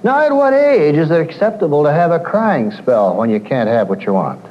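Animated male counselor lecturing an audience. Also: on the high side, normal speed, dull audio, slight background noise. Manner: animated storyteller, acts out quoted clients.

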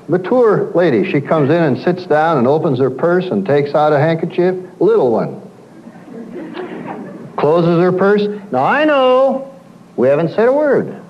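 A man speaking to a live audience as a counselor, his voice pitched a little high and moving a lot as he acts out his clients' complaints. The recording sounds dull and dated, with a faint hiss behind it. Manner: animated storyteller, acts out quoted clients.

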